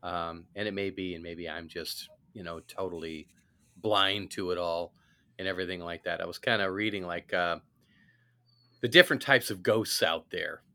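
A man's voice: low voice, fairly even intonation, moderate pace, bright, forceful tone. A man co-hosting a talk show, chatting casually and easygoing with plenty of fillers. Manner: easygoing, lots of fillers, self-described skeptic. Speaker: podcast co-host. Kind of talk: casual chat.

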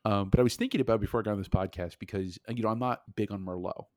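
Low-voiced man chatting emphatically. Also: very fast, a little mellow, dry recording, studio quality. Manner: emphatic, hesitant, self-correcting. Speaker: podcast guest. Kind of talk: casual chat.

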